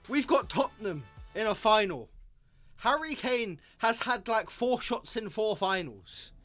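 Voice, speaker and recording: A young man commentates a football video game in a jokey, excitable way. His voice sits high and leaps higher when something surprises him. Faint music plays underneath. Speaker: gaming YouTuber.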